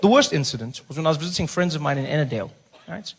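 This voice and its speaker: Animated man doing stand-up. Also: on the high side, rapid-fire, breathy edge. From South Africa. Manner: animated storytelling, acting out voices, dropping to a soft hush for jokes. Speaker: stand-up comedian. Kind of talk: stand-up comedy routine. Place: stage.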